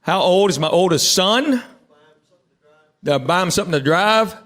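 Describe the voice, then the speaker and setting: A middle-aged man from Tennessee doing a stand-up comedy set, telling stories and acting out quick quotes from his family. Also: high voice, lively intonation, a loud crowd, very noisy. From Tennessee, USA. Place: theater stage before a live audience. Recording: live show with audience laughter. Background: audience laughter.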